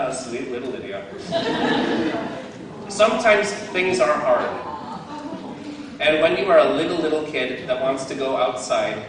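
A man's voice: mid-range voice, animated, takes it slowly, pauses often, background noise. A man giving a casual faith talk outdoors, playful and self-mocking, often laughing at himself. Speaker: lay speaker giving a devotional talk. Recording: very echoey, distant from the mic.

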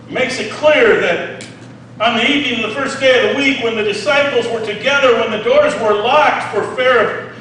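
A man preaching a sermon, reading scripture and explaining it with animated asides, often asking "Okay?". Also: sits high, very echoey, distant mic, slight background noise, poor audio.

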